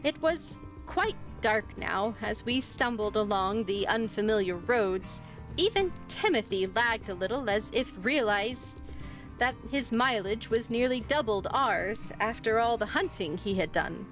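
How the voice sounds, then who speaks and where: A woman narrating a spooky old story on a live stream, giving the dialogue expressive life. Her voice sits a bit high. Soft music plays faintly in the background. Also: measured pace. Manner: expressive, lively voicing of dialogue.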